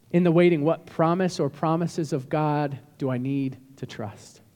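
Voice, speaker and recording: Male pastor, high tenor, emphatic sermon delivery, long reverb of a church hall. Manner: animated, emphatic preaching with rising bursts.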